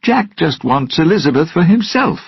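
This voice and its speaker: Man doing a proud scheming naval officer, forceful, husky, muffled lo-fi. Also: on the high side, big pitch swings, normal speed, no room sound, pitched above the performer's own voice, full character voice.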